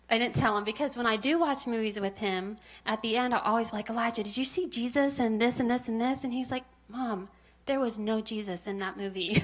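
A woman with a slightly high voice gives a heartfelt church testimony. She grows animated as she acts out stories about her sons. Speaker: church member giving testimony. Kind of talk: personal testimony.

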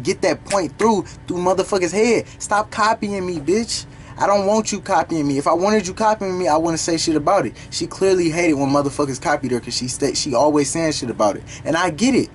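Slangy young man, excited reaction host. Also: sits high, a little hiss or hum. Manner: animated, profane, slangy, stops the song to explain lyrics. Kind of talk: casual reaction commentary.

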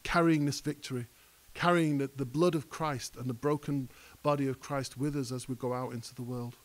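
A man's voice: mid-range voice, steady tone, moderate pace. A male pastor preaching a conversational sermon that rises to emphatic peaks. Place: church hall.

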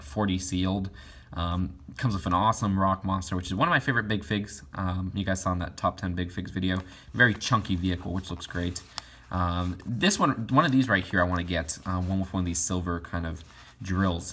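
Low-voiced young man rambling casually. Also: bright, forceful tone, a little hiss or hum. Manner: rambling, many fillers and restarts. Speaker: toy collector vlogger. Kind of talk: casual catalog review.

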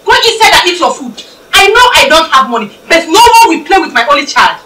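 Indignant nigerian mom, high bright voice, echoey room, mic far off. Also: female voice, very animated, moderate pace, slight background noise, heavily acted. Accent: Nigerian English. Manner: indignant, scolding. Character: protective poor Nigerian mother, indignant. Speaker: mother.

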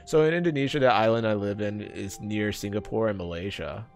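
A man streaming a game live, bantering with his chat, laughing often and getting loud and defensive when teased. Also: on the low side, fairly quick, vocal fry, faint music behind.

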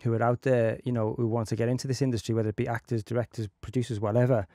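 A man's voice: mid-range voice, level tone, rapid-fire, warm tone, dry recording, clean studio sound. A man hosting a podcast, chatting casually with many fillers. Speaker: podcast host. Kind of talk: casual interview chat.

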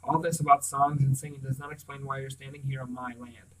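A man's voice: mid-range voice, little pitch movement, far from the mic, lightly acted, poor audio. A man voicing a surly, suspicious middle-aged farmer who talks coldly and contemptuously, in a storybook reading. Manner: contemptuous, cold, quick to anger.

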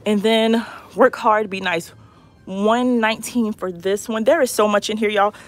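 A woman walks through a big store on a handheld phone, chatting excitedly to her live viewers. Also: medium pitch, a little slow. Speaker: shopping vlogger. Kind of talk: live-stream store walkthrough. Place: large retail store indoors.

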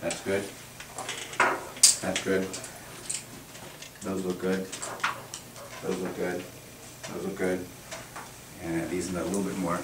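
A man with a fairly low voice patiently walks a class through a hands-on demonstration as a veterinarian. He sounds distant from the camera, in an echoey room with noticeable background noise. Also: monotone, slow, long pauses. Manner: patient, encouraging instructions. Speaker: veterinarian teaching children.

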